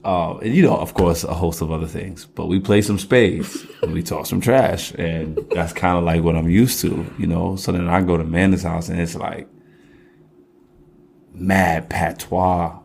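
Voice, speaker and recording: A man's voice: deep voice, fairly even intonation, normal speed, vocal fry, hardly any pauses, a little mellow, slightly rough. A young adult man co-hosting a podcast in casual chat, slangy and joking, teasing playfully. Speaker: podcast co-host.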